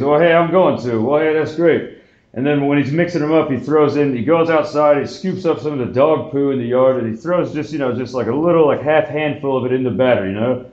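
Heated podcast man in an echoey room. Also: fairly high pitch. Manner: animated, indignant, acts out quoted voices. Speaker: podcast host. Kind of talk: heated casual conversation. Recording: echoey room, dull lo-fi sound.

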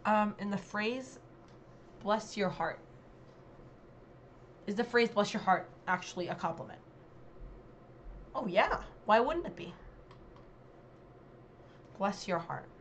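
A young woman vlogger chatting casually, reading quiz questions aloud and thinking out loud about her answers. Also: medium pitch, animated, takes it slowly, long pauses, slight background noise.

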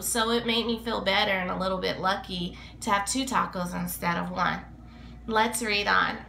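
A woman teacher reading a picture book aloud to a class, slow and expressive, with some fillers. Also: medium pitch, creaky. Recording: echoey room, faint background noise.

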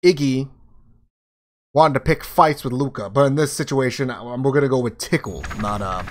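A man casually commenting on his gameplay, swearing and thinking out loud. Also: medium pitch, normal speed, soft background music. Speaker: let's-play streamer.

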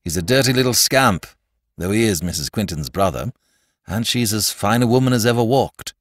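A man's voice: fairly low pitch, lively intonation, moderate pace, no echo, clean studio sound. A man voicing a jolly, blunt, skeptical country doctor with a hearty, dismissive manner. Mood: brusque.

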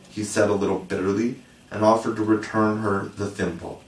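Audiobook reader: man, measured and gentle, lowish voice, echoey room, mic kept at a distance. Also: steady tone. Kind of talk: storybook narration.

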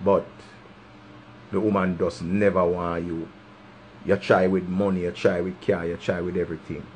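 A man's voice: low-pitched, level tone, normal speed, darkish tone, a little hiss or hum. A man with a Jamaican accent giving impassioned, preachy advice straight to camera, repeating his points for emphasis. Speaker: vlogger giving life advice.

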